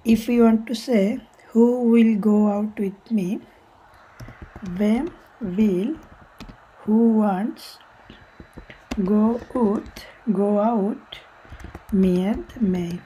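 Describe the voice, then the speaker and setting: A woman's voice: medium pitch, extremely slow, pauses often, dark tone, husky, low-quality recording. A woman teaching a language lesson step by step, patiently repeating each example and translating it, sometimes correcting herself.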